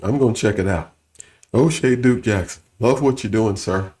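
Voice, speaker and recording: A man giving sarcastic, scolding reaction commentary with a gravelly voice. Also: on the low side, normal speed, a little mellow.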